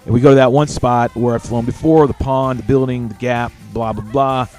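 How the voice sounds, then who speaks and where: A man's voice: medium pitch, fairly even intonation, a little fast, a little mellow, faint music behind. A man hosting a casual live show, telling stories animatedly and swearing freely. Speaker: show host.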